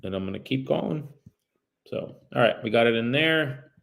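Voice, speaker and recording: A man's voice: medium pitch, expressive, normal speed, creaky, fairly bright tone. A man working as a real estate agent, chatting casually to viewers while making cold calls on a livestream. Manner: chatty, addresses viewers directly; polite and apologetic on calls.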